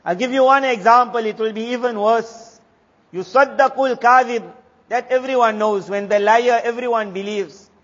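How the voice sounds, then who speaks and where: A man's voice: very high-pitched, quick pace, fairly bright tone. A man giving an Islamic sermon, asking rhetorical questions and answering them himself. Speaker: Islamic teacher. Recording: reverberant lo-fi hall recording.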